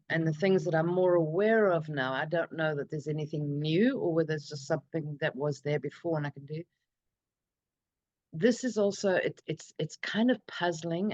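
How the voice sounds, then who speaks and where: A middle-aged woman, an interview guest, telling her own story in a reflective, earnest, halting way over a video call. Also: on the low side, a little mellow, no echo, highs cut off. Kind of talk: personal storytelling in a conversation.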